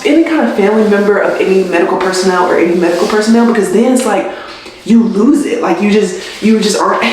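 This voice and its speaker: A woman's voice: mid-range voice, a little mellow. A young adult woman talking through her week as a nurse vlogger in a chatty, casual way, filling her talk with "like" and laughing often. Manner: chatty, with many "like" fillers and frequent laughs. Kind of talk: casual vlog chat. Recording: echoey room with faint noise.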